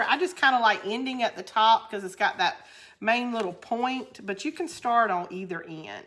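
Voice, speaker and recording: With a Southern American drawl, this woman crafts on camera, laughing and chatting casually while reading comments from viewers. Her mid-range voice sounds pushed and bright, with a little hiss or hum in the recording.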